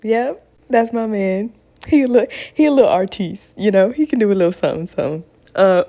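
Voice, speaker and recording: A woman's voice: mid-range voice, darkish tone. A woman making playful, teasing remarks in a casual movie rant. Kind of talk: casual movie commentary aside.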